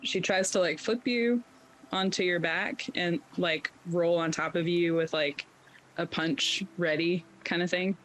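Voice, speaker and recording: A man's voice: sits high, steady tone, a little slow, fairly bright tone, slight background noise, rough recording. A man playing a tabletop game, rambling through his character's actions with lots of filler words. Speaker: player.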